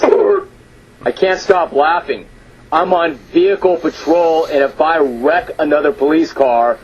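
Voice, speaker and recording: A man hosting a radio sports talk show, reading listener emails aloud with amused disbelief and drawn-out emphasis. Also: on the high side, slightly rough, dull audio. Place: radio studio.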